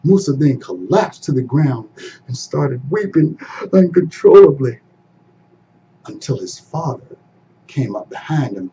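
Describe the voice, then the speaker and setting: A man telling a folktale as a storyteller, dramatic and expressive, moving between hushed and loud passages. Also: fairly high pitch, a little slow. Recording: dull, slightly distant recording with faint hum.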